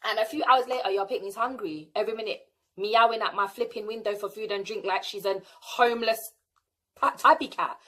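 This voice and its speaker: A woman's voice: medium pitch, a little fast, a bit bright. A young British woman with a sassy, indignant manner, telling a storytime vlog. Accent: British English. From England. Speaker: vlogger.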